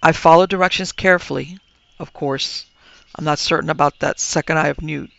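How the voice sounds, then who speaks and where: A man's voice: on the high side, steady tone, a little fast, creaky, fairly bright tone, no room sound, highs cut off. A man voicing an earnest, stubborn young male apprentice wizard who talks in a fretful way.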